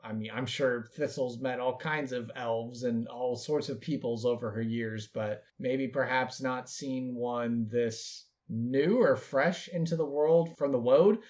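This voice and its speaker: A man's voice: medium pitch, a little slow, hardly any pauses, a little mellow. Hesitant man narrating his game character. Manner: hesitant, many fillers. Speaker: tabletop role-play player. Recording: dull lo-fi recording.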